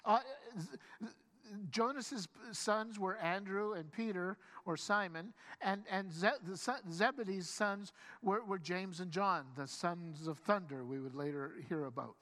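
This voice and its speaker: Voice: medium pitch, unhurried, fairly bright tone. A pastor preaching a sermon, telling the story with animation, acting out quoted lines and often stumbling into restarts. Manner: frequent stammered restarts.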